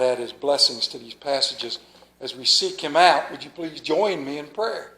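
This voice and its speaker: A man's voice: mid-range voice, normal speed, rough recording. A man preaching a sermon as a pastor, telling a folksy joke before reading scripture, with a Mid-Atlantic American accent. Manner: folksy storyteller, lively delivery of jokes. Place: church.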